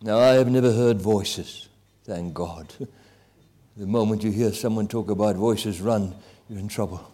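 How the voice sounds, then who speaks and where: A man preaching a testimony sermon, impassioned, with swings between loud and hushed delivery. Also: on the low side, measured pace.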